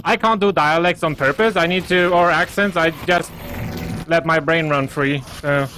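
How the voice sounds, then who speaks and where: A man playing a game on stream, talking haltingly as he thinks aloud. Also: on the high side, bright, forceful tone, slight background noise. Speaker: player of the game. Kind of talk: casual gaming stream chat.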